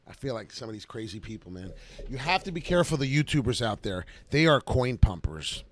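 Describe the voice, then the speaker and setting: A man hosting a casual live stream about crypto charts, talking in an excitable, rambling way. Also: medium pitch, fairly quick.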